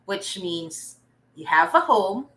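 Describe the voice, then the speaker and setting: Lively Filipino woman teaching a lesson. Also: medium pitch, slow, rough recording. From Philippines. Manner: encouraging, checks in with learners often. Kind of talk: online reading lesson.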